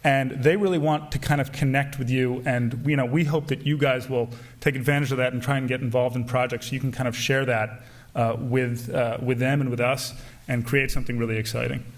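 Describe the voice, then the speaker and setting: A man's voice: mid-range voice, steady tone, fairly quick. A man speaking earnestly at a student assembly, hesitant and full of restarts. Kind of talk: speech at an assembly.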